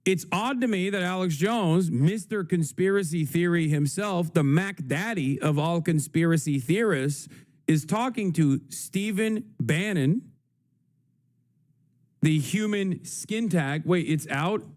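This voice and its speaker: A young man hosting a livestream reacts frantically and swears as he thinks aloud in casual commentary. His voice is high and a little mellow, and he talks at a slow pace.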